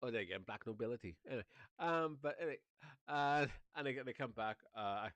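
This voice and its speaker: A man's voice: medium pitch, expressive, fairly quick, a bit bright, dry recording. A Welsh man rambling through a casual vlog monologue, chuckling often and swearing freely, with many fillers. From Wales. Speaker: vlogger.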